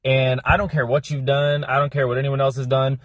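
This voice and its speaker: A young man explaining a Bible story in a fast, casual, slangy monologue, cramming it in with lots of energy. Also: medium pitch, little pitch movement, no echo, clean studio sound. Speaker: Christian content creator.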